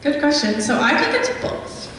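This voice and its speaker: Young woman speaker, chatty storytelling, slightly high voice, recorded from far off in a hall. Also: big pitch swings, moderate pace, fairly bright tone, slight background noise. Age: young adult. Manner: chatty storytelling with many ums. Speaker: guest speaker. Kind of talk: live talk with audience questions. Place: meeting hall.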